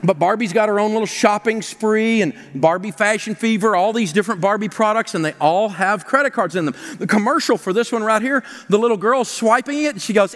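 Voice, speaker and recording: High-voiced man lecturing a seminar crowd. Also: fairly quick. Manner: animated and mocking, with rhetorical questions and whiny put-on voices. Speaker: financial seminar speaker and radio host. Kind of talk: live seminar talk to an audience. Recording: long reverb of a large hall.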